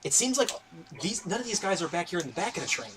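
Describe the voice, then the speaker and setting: A man voicing an earnest, reassuring male leader of short stature who talks calmly and persuasively. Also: sits high, quick pace, crowd noise, pitched above the performer's own voice.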